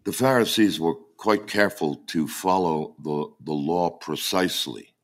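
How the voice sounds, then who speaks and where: A man preaching a sermon as pastor, emphatic and often halting to repeat his words, with a dry mocking humour. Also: deep voice.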